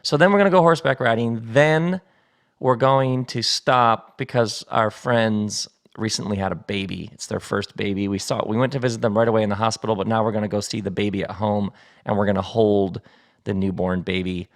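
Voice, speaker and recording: Man, middle-aged, low-pitched, gravelly, chatty podcast host, playful, kitchen table mic. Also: steady tone, fairly quick. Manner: chatty and playful, laughs easily. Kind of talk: casual solo podcast monologue. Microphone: studio mic set up at the table.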